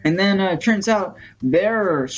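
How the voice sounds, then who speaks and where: A man vlogging in a casual storytelling style, rambling and excitable, full of fillers. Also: high voice, unhurried, lo-fi sound, faint music behind. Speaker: gaming vlogger.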